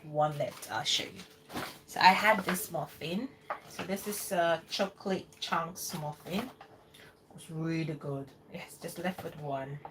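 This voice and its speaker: A woman hosting a casual live cooking stream from her home kitchen in the UK, chatting loosely and rambling while she answers viewers. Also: lowish voice. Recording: distant mic with noticeable background noise.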